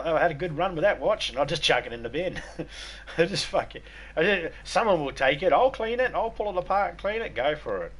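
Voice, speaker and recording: A man's voice: medium pitch, breathy edge. Crude joking Australian man. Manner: crude, profane, joking banter. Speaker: gaming streamer. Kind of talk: casual livestream chat.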